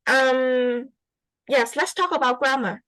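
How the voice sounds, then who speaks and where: A woman's voice: high-pitched, slow pace, fairly bright tone, no room sound, low-quality recording. A woman with a Vietnamese accent giving an English student spoken feedback, encouraging and repeating her phrases with many fillers.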